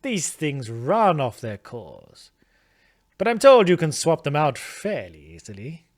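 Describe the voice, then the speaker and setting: A man's voice: fairly high pitch, sing-song, unhurried. A man voicing a dismissive male shopkeeper with a put-on Italian accent, curt and grumbling.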